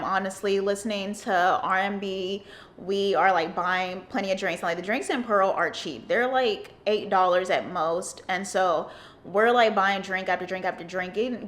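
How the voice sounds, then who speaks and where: Girl just rambling thru a story, like like like, normal pitch. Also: a bit bright. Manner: rambling, filler-heavy, with frequent "like". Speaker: vlogger. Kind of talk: casual storytime.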